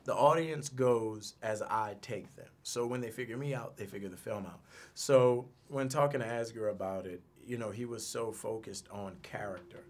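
A man's voice: on the low side, moderate pace, darkish tone. A man speaks as an actor in a studio interview. His casual, self-assured manner leaves room for plenty of jokes. The conversation is easygoing, as if he is talking with friends. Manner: laid-back, joking, self-assured. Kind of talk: casual press junket chat.

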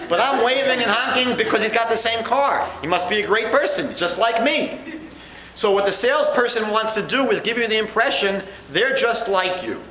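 A man lectures in a high, bright voice, quick to slip into acted-out dialogue. His talk rings in an echoey room. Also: a little hiss or hum. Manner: lively, acts out quoted dialogue. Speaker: rabbi and educator giving a lecture.

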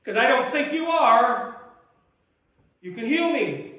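A man's voice: very high-pitched, expressive, slow pace, heavily acted. A man voicing a desperate male leper who is ashamed and begs to be healed, in an echoey church. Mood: pleading. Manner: shouting warnings, then begging humbly.

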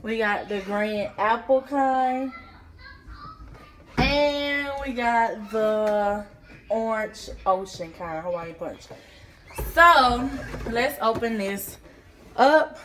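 A woman's voice: on the high side, animated, extremely slow, a bit bright. A young woman, vlogging casually to her phone, chatty and a bit out of breath. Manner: chatty, addresses viewers as y'all. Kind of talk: casual vlog talk to camera.

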